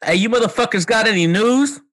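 A man's voice: high-pitched, fairly quick, a bit bright. A man co-hosting a podcast, swearing freely, laughing often and telling stories about his family. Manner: profane, laughs often, tells anecdotes. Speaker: podcast co-host. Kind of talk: casual podcast banter.

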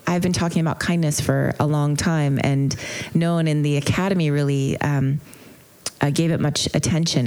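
A low-pitched woman, the teacher of a mindfulness retreat, gives a lecture and shares a story. She speaks earnestly and reflectively, with gentle hesitations.

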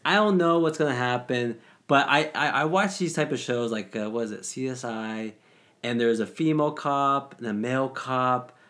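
A guest in a casual recap chat, speaking earnestly with halting repeated words. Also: mid-range voice, fairly bright tone.

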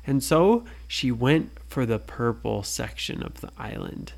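A parent improvising a bedtime story, speaking softly and often asking the listener questions. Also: mid-range voice, big pitch swings, takes it slowly. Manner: soft, hushed, asks listener questions.

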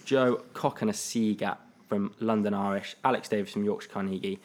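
Young guy hosting a chatty podcast, lowish voice, runs through lists and throws to the lads. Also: fairly even intonation, a little fast, a little mellow. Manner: leads the discussion, reads out lists. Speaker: podcast host. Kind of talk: casual podcast chat.

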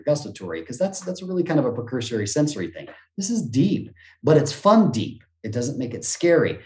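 A man talking as a motivational speaker and business coach on a podcast, energetic, acting out quoted voices and gasps, with some casual swearing. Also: mid-range voice, echoey room. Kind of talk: energetic conversational interview talk.

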